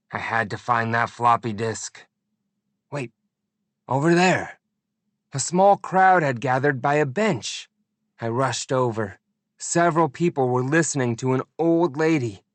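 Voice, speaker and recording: A man reads an adventure audiobook in the first person, unhurried and measured. His pitch rises and falls a lot as he tells the story, and the recording is dry and close to the mic. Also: dry recording. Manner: expressive, deliberate storytelling. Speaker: audiobook narrator.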